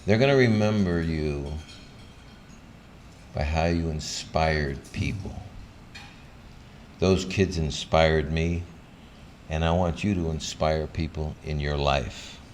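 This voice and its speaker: An older man, a former pro athlete, giving a motivational talk full of personal stories that he acts out with lively, sometimes loud energy. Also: a bass voice, slow pace, long pauses, slight background noise. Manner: animated storyteller who acts out scenes, loud when excited.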